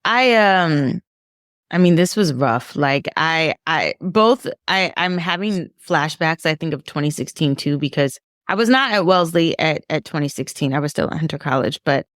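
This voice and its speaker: A middle-aged woman professor talking earnestly and emotionally on a podcast, often halting and restarting. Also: low voice, animated, a bit bright, no echo, clean studio sound. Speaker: professor and author. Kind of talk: podcast discussion.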